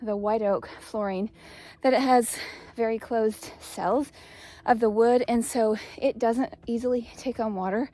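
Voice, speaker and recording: Chatty woman, mellow voice. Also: on the high side, fairly even intonation, unhurried. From East Tennessee. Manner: chatty, rambling, upbeat. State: out of breath. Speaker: homestead vlogger. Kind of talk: casual vlog talk. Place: outdoors on a hillside homestead.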